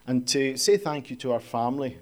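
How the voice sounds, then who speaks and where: A man's voice: mid-range voice, lively intonation, brisk. Conversational male preacher. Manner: conversational, rhetorical questions, storytelling. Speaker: pastor. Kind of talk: sermon.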